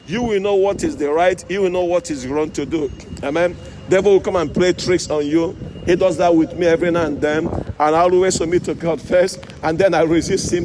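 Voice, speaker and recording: A man preaching an outdoor sermon, often asking "Amen?" and "you see?" of his listeners. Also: sits high. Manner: call-and-response, repeated "Amen?" and "you see?". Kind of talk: street sermon. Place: outdoors by a road with passing cars in the rain. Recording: outdoor recording with street traffic noise. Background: traffic noise.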